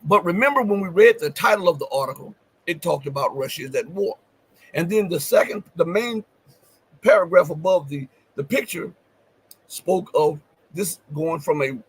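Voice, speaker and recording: A man's voice: a little high, lively intonation, moderate pace, husky, poor audio. A man hosting a livestream, giving commentary, stressing key phrases by repeating them and asking viewers questions. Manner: addresses viewers directly with questions. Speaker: show host.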